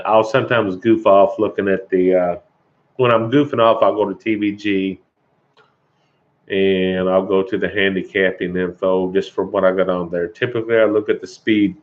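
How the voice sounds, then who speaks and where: A middle-aged man, hosting a casual livestream chat, chuckling and greeting viewers by name, with an occasional cough. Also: low voice. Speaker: livestream host. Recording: dull lo-fi stream audio.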